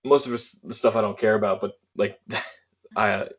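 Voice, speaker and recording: A man's voice: on the low side, fairly even intonation, normal speed, fairly bright tone. A young adult man co-hosting a podcast, telling rambling stories in casual chat and laughing often. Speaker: podcast co-host.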